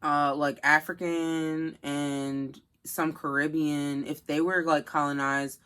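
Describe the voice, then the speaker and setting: A woman's voice: sits low, little pitch movement, slow pace, a bit bright, clear, resonant tone. A woman co-hosting a podcast in casual chat, rambling with lots of fillers. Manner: chatty, full of fillers like "kinda". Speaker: podcast co-host.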